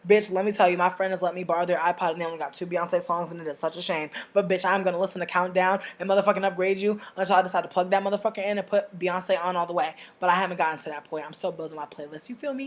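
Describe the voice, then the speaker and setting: A young woman telling a story to camera as a vlogger, brash and profane, with big animated swings in her delivery. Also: lowish voice. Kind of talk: casual storytime rant.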